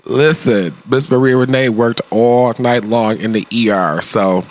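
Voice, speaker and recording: A man's voice: mid-range voice, unhurried. A man hosting a casual podcast chat, upbeat, laughing often as he reads out plugs and addresses. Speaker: podcast host.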